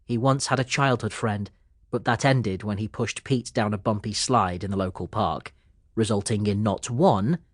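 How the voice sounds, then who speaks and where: A man narrating a children's audiobook in a lively storytelling manner. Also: fairly low pitch, moderate pace, dry recording, clean studio sound.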